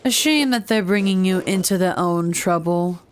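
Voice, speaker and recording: A woman voicing a stern older male abbot in a game, speaking slowly and dismissively. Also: on the low side, a little hiss or hum, close to an everyday voice. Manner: slow, measured, dismissive.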